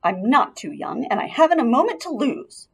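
A woman's voice: a little high, very animated, moderate pace, creaky, breathy edge, full character voice. A woman playing a brave young boy mouse. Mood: staunch, determined. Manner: earnest, staunch, a little dramatic.

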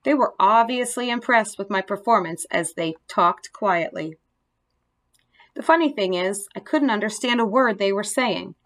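A woman reads a children's storybook aloud with a gentle, expressive delivery. Her voice sits at an ordinary middle pitch, steady and clear for young listeners. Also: normal speed. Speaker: narrator. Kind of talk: storybook narration.

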